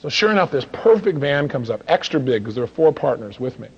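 Fast-talking animated male storyteller. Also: fairly high pitch, breathy edge. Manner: animated, acts out dialogue in his stories. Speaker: seminar speaker. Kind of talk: motivational storytelling talk. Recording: dull lo-fi recording.

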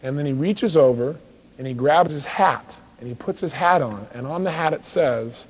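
A man telling a personal story in a motivational talk, acting out the dialogue with lively energy. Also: fairly high pitch, normal speed, slightly rough. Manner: animated, acts out dialogue in his stories. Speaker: seminar speaker. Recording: dull lo-fi recording.

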